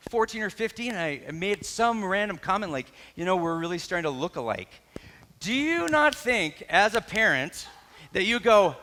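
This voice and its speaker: A man's voice: mid-range voice, long reverb tail. A middle-aged man, a pastor, telling a personal story in a sermon, talking in a loose conversational way, correcting himself and acting out what people said. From Canada. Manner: conversational, self-correcting, animated retelling with acted quotes.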